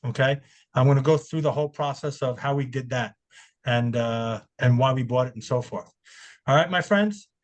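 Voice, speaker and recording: A man's voice: mid-range voice, moderate pace. A man hosting a webinar over a video call, talking loosely and often repeating his words. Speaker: webinar host. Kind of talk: casual webinar chat.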